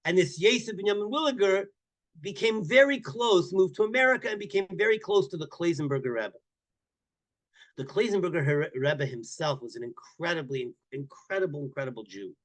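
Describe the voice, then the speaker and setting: This rabbi's voice is high and a little fast as he teaches a Torah class. Animated in his storytelling, he repeats words and bursts into loud emphasis.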